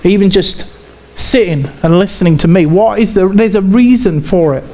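A man with an English accent preaching a sermon in a conversational way, halting and often repeating himself. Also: high voice, dark tone. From England.

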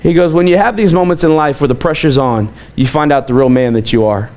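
A man's voice: on the high side, fairly quick. A young adult man preaching a casual sermon, telling stories and acting out the voices of people in them. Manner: animated storytelling, acts out quoted voices, chuckles often. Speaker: pastor.

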